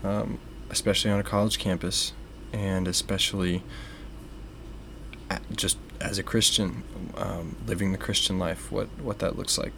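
Young guy cohosting a faith podcast, lowish voice, slow and careful with lots of ums, bit of hiss behind. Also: level tone, vocal fry, pushed and bright. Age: young adult. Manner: measured, with many fillers. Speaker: podcast co-host. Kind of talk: casual faith discussion.

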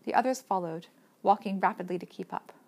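A woman reading a novel aloud as an audiobook narrator, in steady, measured storytelling. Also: mid-range voice, vocal fry. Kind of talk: scripted narration.

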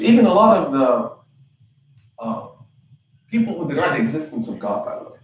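A man's voice: high voice, lo-fi sound. A man, an imam, giving a lecture on the Qur'an, firing rhetorical questions at the audience and acting out the voices he quotes. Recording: very echoey room, mic far off.

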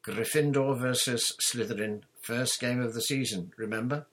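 A man's voice: mid-range voice, normal speed, a bit bright, voice pushed up, natural voice. A man reading aloud, voicing a cocky, scornful teenage boy.

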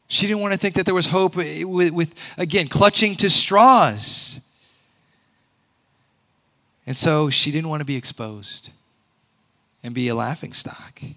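A man preaching a sermon, conversational and earnest, often rising to loud emphatic peaks. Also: on the high side, unhurried, long pauses. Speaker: pastor.

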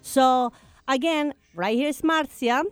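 A woman with an Italian accent hosting a radio show, chatting and laughing in a lively, casual way. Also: sits high, slow pace, clean tone, no echo, soft background music. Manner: animated, chatty, laughs often.

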